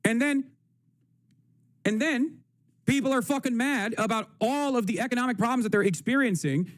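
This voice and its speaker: Profane, high-voiced male political streamer. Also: normal speed, dry recording. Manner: profane, combative, sarcastic. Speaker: livestream host. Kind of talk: political commentary.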